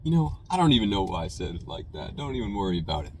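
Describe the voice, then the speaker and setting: A laid-back street rapper in his sixties, as a man puts him on. He talks in an offhand, casual way, with a slightly pleading edge when he asks for something. The voice sits fairly low. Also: big pitch swings, racing, slight background noise.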